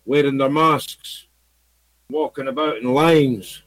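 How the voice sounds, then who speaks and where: A man's voice: medium pitch, fairly even intonation, slow, fairly bright tone, no room sound, low-quality recording. A man from Scotland talking to his viewers in a rambling, repetitive monologue full of fillers. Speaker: video blogger. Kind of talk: casual monologue to camera.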